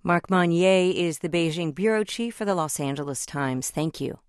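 A woman hosting a news radio interview, crisp and formal, reading scripted introductions and asking questions. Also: lowish voice, normal speed, no echo, studio quality.

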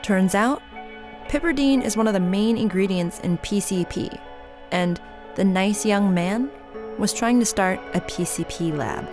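A woman host narrating a radio documentary in a plain, measured way. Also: mid-range voice, over music.

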